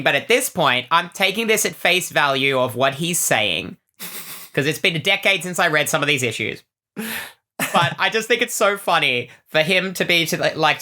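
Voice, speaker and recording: Bright-voiced joking woman podcaster. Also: low-pitched. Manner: animated, joking, quick asides. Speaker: podcast co-host. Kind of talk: casual comic chat.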